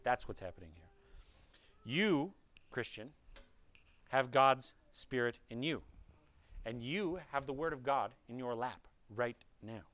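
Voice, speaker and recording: Preaching an expository sermon, a man speaks in a mid-range, fairly bright voice with lively intonation, taking it slowly and pausing often. He's earnest, addressing his hearers head-on and posing rhetorical questions to press his point. There's no room sound.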